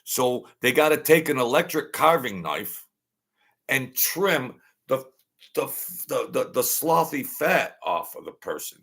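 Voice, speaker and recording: A man's voice: mid-range voice, very animated, measured pace, gravelly, slightly rough. A middle-aged man hosting a livestream, talking bluntly and mockingly while reacting to chat, repeating himself and ranting. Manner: blunt, mocking, repetitive, rants loudly then laughs. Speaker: channel host. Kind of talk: livestream commentary reading chat.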